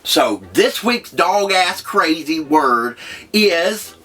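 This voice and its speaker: An actor playing a crude, rambling trailer park leader who hosts a comedy show, with a profane way of talking. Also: male voice, fairly high pitch, lively intonation, extremely slow, bright, forceful tone, husky, full character voice. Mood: brash. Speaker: comedy show host character. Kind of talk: scripted comedy monologue.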